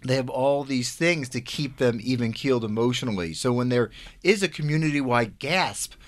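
A male co-host on a radio book program asks friendly, curious questions. He sets up readings and follows with interest. His voice is of ordinary pitch. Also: moderate pace.

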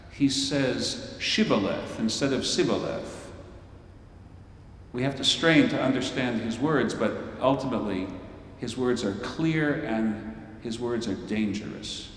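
A slow, wry preacher in a hall. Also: male voice, medium pitch, a little hiss or hum. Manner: playful, theatrical, wry asides. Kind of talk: storytelling sermon. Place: large worship hall. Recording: echoey hall from far off.

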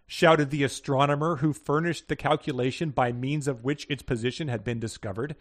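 A man's voice: medium pitch, moderate pace, few pauses. A man co-hosting a podcast in casual chat, reading out listener picks with a lot of laughter. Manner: laughs often, animated, jokey. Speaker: podcast co-host.

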